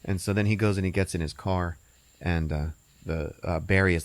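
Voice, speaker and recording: A man's voice: low voice, steady tone, normal speed, no echo. A man hosting a podcast, rambling and swearing as he recaps a movie. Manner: rambling, laughing, profane. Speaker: podcast host.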